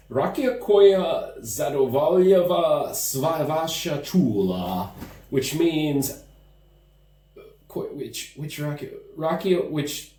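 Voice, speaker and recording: A man's voice: fairly high pitch, darkish tone, slight background noise. A man from the United States chatting animatedly in a casual vlog, laughing easily as he tells stories. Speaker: vlogger. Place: indoor room at home. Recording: echoey room, mic at a distance.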